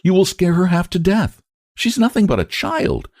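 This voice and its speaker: A man voicing a soft-hearted, thrifty older woman. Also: high voice, huge pitch swings, normal speed, dry recording, studio quality, voice pushed up, full character voice. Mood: earnest. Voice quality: gentle, coaxing, defiant when pressed.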